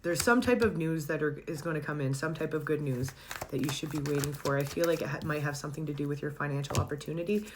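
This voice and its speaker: Woman, low voice, casual tarot reader, chatty, laughs a lot. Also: quick pace, noisy background. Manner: chatty, warm-hearted, laughs often, searches for words.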